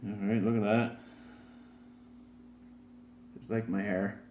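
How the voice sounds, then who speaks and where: A man's voice: fairly low pitch, flat delivery, slow, darkish tone, slight background noise. A man hosting a casual beer tasting and joke-telling show, talking in a laid-back, filler-heavy way. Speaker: host. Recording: roomy with faint ambience.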